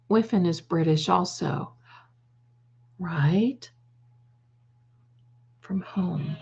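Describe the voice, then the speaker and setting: At a measured pace, an American livestream host with a lowish, slightly rough voice reads viewers' comments from home and fondly addresses them as darling. The recording's highs are cut off.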